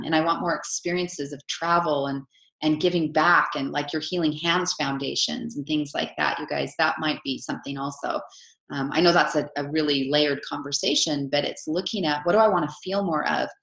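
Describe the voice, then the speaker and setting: Woman, low voice, coach, chatty, heartfelt, echoey room. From Utah, USA. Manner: chatty, warm storytelling with many "right?" asides. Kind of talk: live online coaching session. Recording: roomy echo.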